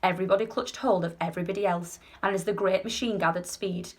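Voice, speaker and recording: A primary school teacher, a woman, reading a children's storybook aloud with expressive storytelling. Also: fairly low pitch, fast, few pauses, breathy edge.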